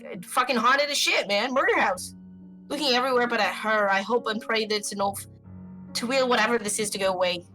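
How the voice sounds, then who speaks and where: A woman streamer reading a story game aloud with expressive commentary and swearing. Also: fairly high pitch, soft background music, poor audio. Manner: expressive, swearing, quick reactions.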